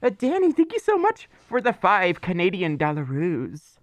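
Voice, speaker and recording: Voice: medium pitch, huge pitch swings, normal speed, no echo. Playful streamer with a cough. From Mississippi. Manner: rambling, playful, teasing. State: lingering cough. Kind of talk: casual livestream chat.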